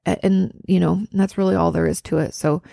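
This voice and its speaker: Earnest woman with a gravelly low voice. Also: fairly even intonation, a little fast, no echo, clean studio sound. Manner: warm reassuring, earnest, swears casually. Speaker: therapist answering a listener. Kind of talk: advice podcast.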